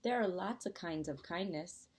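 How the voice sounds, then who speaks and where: A woman's voice: on the low side, expressive, normal speed, darkish tone, natural voice. A woman voicing an eager, thoughtful little girl in a storybook reading, with an earnest way of talking.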